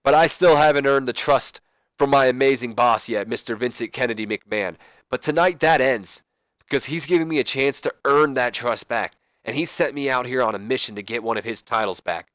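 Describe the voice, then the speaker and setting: A man voicing a cocky, boastful male pro wrestler in a loud, brash delivery. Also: mid-range voice, brisk, no echo, close to an everyday voice.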